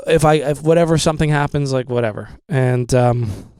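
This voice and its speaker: Young man, casual podcast host, rambling, profane, smooth clear voice, mid pitch, dry close mic. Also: moderate pace, a little mellow, dry recording. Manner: rambling, profane, with many fillers.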